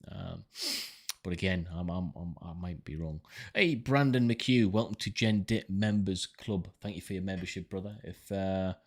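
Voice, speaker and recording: Low-voiced man hosting a livestream. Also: moderate pace. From United Kingdom. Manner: relaxed and chatty, many ums and uhs, calls viewers brother. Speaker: livestream host reading viewer questions. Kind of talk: casual live commentary.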